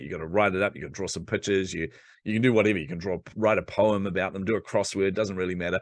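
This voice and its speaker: A man from New Zealand, a podcast guest telling a personal story in a lively, conversational way and acting out the voices of people he quotes. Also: low voice, no room sound, clean studio sound. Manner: animated, acts out quoted voices.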